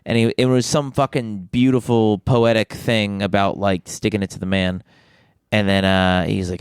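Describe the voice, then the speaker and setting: A man's voice: low voice, level tone, quick pace, smooth, no room sound, studio quality. A man co-hosting a podcast, telling a rambling story in casual chat with lots of restarts and fillers. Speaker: podcast co-host.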